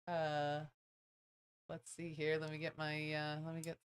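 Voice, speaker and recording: Woman, somewhat low voice, co-host, casual live stream chat, reads viewer comments. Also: monotone, measured pace, a little hiss or hum.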